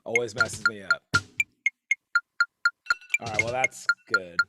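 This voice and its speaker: A man leading an online drum lesson, counting bars out loud and stopping to correct himself when he slips. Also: lowish voice, wildly swooping pitch, slow, over loud music. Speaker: drum teacher leading a group warm-up. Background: drumming.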